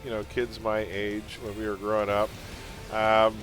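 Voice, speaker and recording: A man's voice: fairly low pitch, monotone, moderate pace, fairly bright tone, soft background music. A man chatting casually while live-streaming a game, laughing often and drifting into pop-culture tangents.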